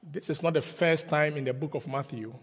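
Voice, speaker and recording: Male pastor, emphatic sermon, husky tone, church hall with long reverb. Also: on the high side, lo-fi sound. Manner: slow, emphatic preaching with repeated phrases.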